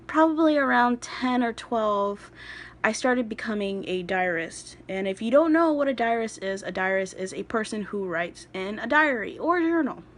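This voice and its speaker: Chatty young woman introducing herself. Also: on the high side. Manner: chatty and rambling, with laughing asides. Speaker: craft vlogger. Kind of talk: casual self-introduction. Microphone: phone recording.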